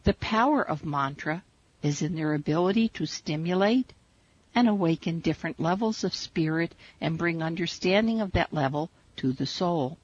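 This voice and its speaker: A woman teaching a spiritual meditation, guiding listeners in slow, measured, soothing instructions. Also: lowish voice, expressive, husky. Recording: dull lo-fi recording.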